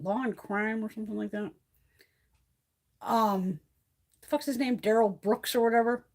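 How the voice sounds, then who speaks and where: Husky woman telling stories with lots of swearing. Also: fairly high pitch. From Connecticut. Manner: profane, rambling storytelling. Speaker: live stream host. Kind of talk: casual chat. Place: home by a wood stove. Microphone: phone.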